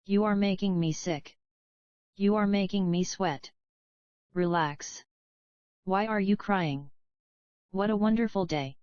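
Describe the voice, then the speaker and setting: Woman reading lesson phrases one by one, very unhurried pace, dull-sounding audio. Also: mid-range voice, darkish tone, no room sound. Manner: reads short phrases one by one with pauses. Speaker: English phrase reader. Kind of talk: slow read-aloud phrase drills.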